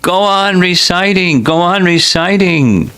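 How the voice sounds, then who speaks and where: A man reading scripture aloud, voicing a young male divine teacher who cries out in rapture, his pitch jumping far above his reading voice. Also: takes it slowly, vocal fry, slightly rough, exaggerated voice. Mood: ecstatic. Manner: rapturous, exclaiming in repeated pleas.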